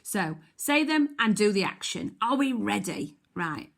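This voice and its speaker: A woman teacher leading a phonics lesson for young children, speaking clearly and encouragingly in call-and-response. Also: mid-range voice, big pitch swings, measured pace.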